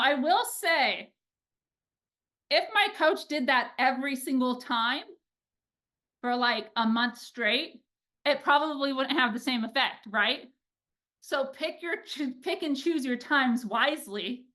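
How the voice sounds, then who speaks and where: A woman in her thirties, a pitching coach, giving an energetic coaching talk and often checking in with "right?". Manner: energetic, animated, peppered with "like" and "right?".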